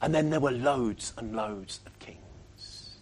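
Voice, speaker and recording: A man preaching a sermon, emphatic and animated, often acting out the voices of other people. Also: medium pitch, slow pace, slightly rough.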